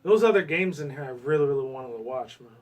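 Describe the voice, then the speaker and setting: Picked up from a distance, this fast-talking man has a somewhat high voice and a US West Coast accent. He gives loose, meandering commentary on a game, swearing frequently and flaring up with bursts of excitement.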